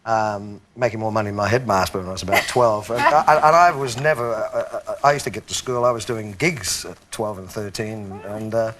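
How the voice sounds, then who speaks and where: A man's voice: lowish voice, brisk, few pauses, fairly bright tone. An older Australian man, a guest on a talk show, telling rambling stories and laughing often. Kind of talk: casual chat.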